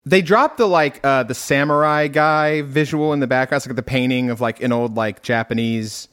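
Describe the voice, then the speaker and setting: A man's voice: medium pitch, normal speed, a bit bright, smooth. A man from Houston co-hosting a podcast, chatting casually with frequent swearing and laughter. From Houston, Texas. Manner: rambling, profane, laughs often. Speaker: podcast co-host. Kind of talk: casual chat.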